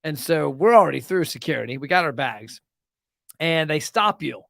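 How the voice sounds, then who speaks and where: A young man hosting a casual chat, telling funny travel stories in a joking, animated way. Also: on the high side, moderate pace, gravelly, no room sound, studio quality. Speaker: podcast host.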